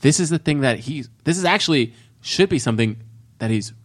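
A man's voice: mid-range voice, brisk. A young man co-hosting a podcast, chatting casually about a film and acting out its lines. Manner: animated, acts out movie lines in voices. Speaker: podcast co-host. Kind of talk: casual movie discussion.

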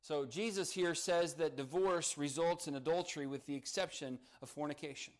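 A man's voice: fairly high pitch, normal speed. A man preaching a morning sermon, earnest and emphatic, leaning on key words as he builds each point. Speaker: pastor.

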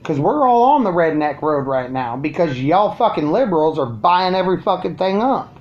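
Over lo-fi sound, a man with a slightly high, sing-song voice goes on a crude, sarcastic tirade for his viewers at a normal speed. He's a vlogger filming at home, and the monologue is profane.

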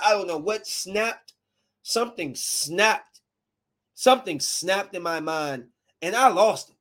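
Speaking at a normal speed with a medium-pitched voice, a woman in her thirties, a parent, tells her viewers a heated personal story directly. She rants fiercely and bluntly, full of slang and emphasis all the way through.

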